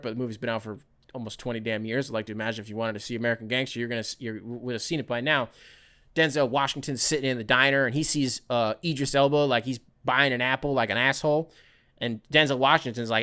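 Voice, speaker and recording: A young adult man hosting a podcast alone, rambling and animated, swearing and correcting himself as he goes. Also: mid-range voice. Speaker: podcast host. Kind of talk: casual solo monologue.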